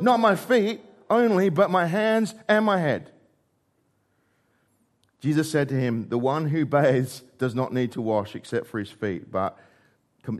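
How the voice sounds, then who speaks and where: A middle-aged man preaching a sermon, acting out dialogue with rises and drops in pitch and volume. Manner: animated, acts out dialogue with shifting pitch and volume.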